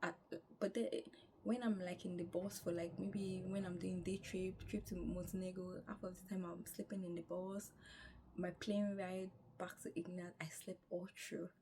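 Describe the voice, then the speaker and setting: A tired young woman from Nigeria, chatting through a lively, casual travel story outdoors. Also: on the low side, moderate pace, a little hiss or hum. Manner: animated, chatty, acts out quoted dialogue. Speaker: travel vlogger.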